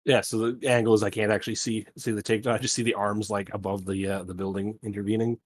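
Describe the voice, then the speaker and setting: A man's voice: lowish voice, little pitch movement, fast, a little hiss or hum. A man playing a tabletop game, talking carefully and hesitantly, often repeating words. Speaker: player. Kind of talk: casual tabletop game talk.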